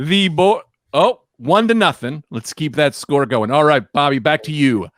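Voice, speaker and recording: A man's voice: fairly high pitch, expressive, normal speed, a bit bright, dry recording, clean studio sound. A man running a casual trivia quiz over a video call, reading questions, counting down and teasing the players.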